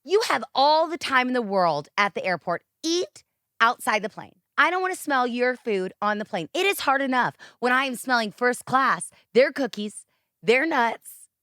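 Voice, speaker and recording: A woman co-hosting a podcast chats casually and rants emphatically about her pet peeves. Her voice is a little high and fairly bright, with lively intonation at normal speed, recorded clean in a studio with no room sound.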